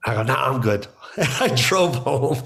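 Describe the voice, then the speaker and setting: Lively man telling comedy stories. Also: medium pitch, normal speed, creaky. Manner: excited storyteller, acts out quotes, laughs often. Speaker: guest, stand-up comedian. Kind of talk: animated storytelling in casual chat.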